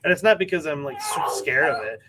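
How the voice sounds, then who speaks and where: A man's voice: fairly high pitch, quick pace, noisy background. A man from Michigan with a Midwestern American accent, hosting a live stream in casual chat and reading out viewer comments. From Michigan, USA. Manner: chatty, relaxed, joking.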